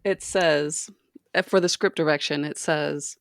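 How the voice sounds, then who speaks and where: A woman co-hosting a podcast, casually chatting about a TV episode, agreeable and quick to laugh. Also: low voice, steady tone, creaky, no echo, clean studio sound. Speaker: podcast co-host. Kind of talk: casual chat recapping a TV episode.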